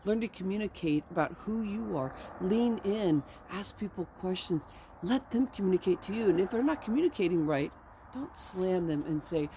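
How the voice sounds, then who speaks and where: Woman, coach, motivational vlog, gravelly fry, earnest, rambling, repeats phrases. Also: mid-range voice, animated, normal speed, mellow, slight background noise. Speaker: health and communication coach. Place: her ranch home.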